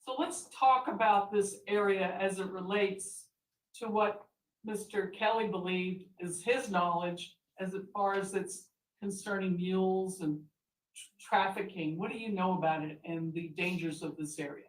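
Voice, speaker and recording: A woman attorney questioning a witness in a courtroom, asking deliberate, leading questions. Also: medium pitch, fairly even intonation. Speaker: defense attorney. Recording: echoey courtroom audio from far mic.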